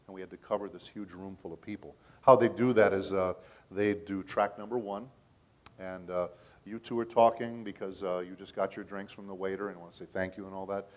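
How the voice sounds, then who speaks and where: A middle-aged man talks through a voice acting convention panel in a loose, storytelling manner. His voice sits a little low. He keeps pausing to ask the crowd "okay?" while he explains how the work is done. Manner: storytelling, chatty, checks in with the audience with "okay?". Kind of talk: casual panel talk.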